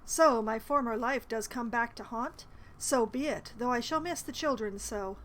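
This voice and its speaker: Woman reading creepy old gnome guy from a fantasy game, sly and courtly, a bit high. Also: normal speed, a bit bright, lightly acted. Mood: menacing.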